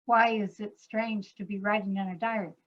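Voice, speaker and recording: Woman composer, explanatory talk, spells out example words slowly, muffled video call audio. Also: mid-range voice, little pitch movement, a bit bright. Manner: illustrates points by speaking words slowly.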